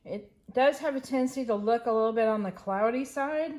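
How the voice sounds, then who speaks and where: A woman's voice: fairly high pitch, fairly quick, darkish tone. A woman resin artist talking casually through a craft project, rambling and correcting herself as she thinks aloud.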